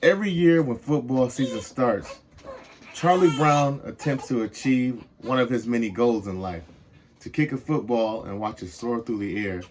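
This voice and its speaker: A young man reading a picture book aloud to children in a measured, expressive way. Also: medium pitch, slight background noise. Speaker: storybook reader.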